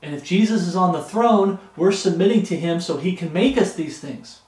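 A man preaching in an earnest, pleading manner, his voice sitting noticeably high for a man. The recording carries the echo of a roomy space around him. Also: normal speed, a little mellow. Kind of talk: sermon.

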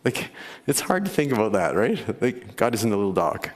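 A male pastor delivers his sermon in an easy, conversational way, chuckling and putting questions to the congregation. His voice sits on the low side. The sound carries the long reverb of a church sanctuary. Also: very animated, moderate pace. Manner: conversational, laughs often, asks the congregation questions.

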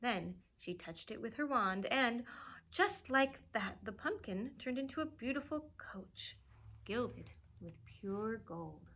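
Children's librarian at story time: expressive, animated reader, slightly high voice. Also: female voice, takes it slowly, a little hiss or hum. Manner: expressive, animated, chuckling at the pictures. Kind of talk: reading a storybook aloud to children.

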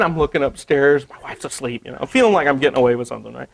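A man from Missouri, an artist telling a story at a museum talk in an animated way, laughing often and saying "you know" a lot. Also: medium pitch, very fast, gravelly, hardly any pauses, a faint crowd. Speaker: artist giving a gallery talk. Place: museum lecture space.

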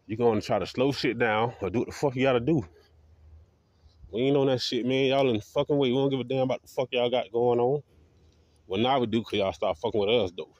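A man's voice: mid-range voice, steady tone, fairly quick, darkish tone, no echo. A man delivering a profane, defiant, repetitive rant to camera as a video blogger. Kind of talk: ranting monologue to camera.

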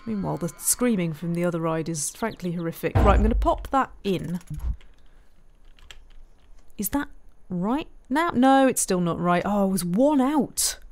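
A woman's voice: lowish voice, expressive, moderate pace, darkish tone. A woman giving casual let's-play commentary, chatting to herself and muttering frustrated asides while she builds. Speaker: game streamer.

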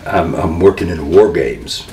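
An older man, a former wrestling manager, telling stories in a career interview, animated and rambling, often breaking into laughter. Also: deep voice, normal speed, distant mic, a little hiss or hum. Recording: roomy echo.

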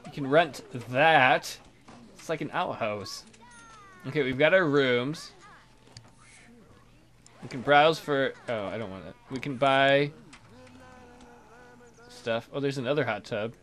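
A man's voice: mid-range voice, slow, pauses often, fairly bright tone. A man hosting a let's play, chatting casually and joking crudely about his game characters.

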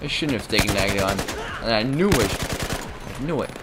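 A man's voice: on the low side, expressive, normal speed, very noisy. A man giving joking, self-mocking commentary while playing a shooter game. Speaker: gaming channel host. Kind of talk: let's play commentary. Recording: loud game gunfire over the voice.

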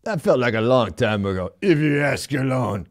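A man's voice: medium pitch, lively intonation, normal speed, natural voice. A man playing a brash, goofy male show host in a Stallone style, speaking in a mumbling tough-guy drawl on a live comedy show. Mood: jokey. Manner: goofy, cheerfully bossing the sidekick and crew.

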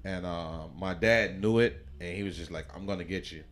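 A man's voice: low voice, moderate pace, fairly bright tone, a little hiss or hum. A man from Chicago, a podcast guest, telling his life story in a loose, rambling way with many restarts and fillers. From Chicago, USA. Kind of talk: casual interview storytelling.

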